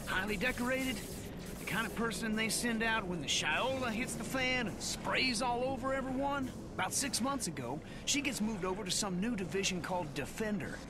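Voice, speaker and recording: An actor playing an excitable, conspiratorial male sidekick in a video game. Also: high voice, normal speed. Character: streetwise male sidekick, jittery conspiracy buff. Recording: game audio under loud ambient noise.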